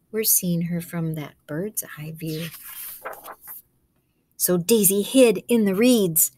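A woman, a kindergarten teacher, reading a picture book aloud to children in a gentle, coaxing way, asking them questions and dropping to soft whispers. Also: lowish voice, slow, pauses often, slightly rough.

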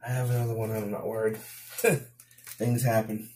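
Working on a home project for a DIY YouTube video, this New Yorker from the Bronx keeps up a casual commentary, grumbling to himself and letting out the odd mildly exasperated exclamation. He speaks at a measured pace in a lowish, flat, slightly mellow voice; the echoey room recording carries a little hiss or hum.

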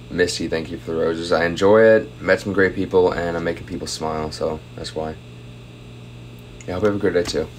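Low-voiced young man chatting on a livestream. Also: a little hiss or hum. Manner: reads out viewer comments and thanks gifts. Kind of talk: casual livestream chat.

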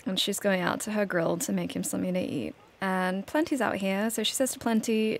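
Woman chatting through her game, mid pitch, a little hum in the background. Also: fairly quick, gravelly, hardly any pauses. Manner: chatty, storytelling, laughs now and then. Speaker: gameplay narrator. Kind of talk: casual let's-play narration.

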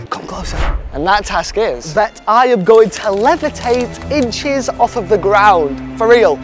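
A man's voice: high voice, lively intonation, normal speed, over music. A young man, hosting a comic vlog in a playful, self-mocking showman manner. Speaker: vlogger.

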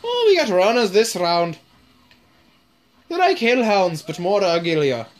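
Slow, lively-voiced woman gaming. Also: medium pitch. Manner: casual, swears often, drawls. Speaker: gamer. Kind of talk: gaming commentary.

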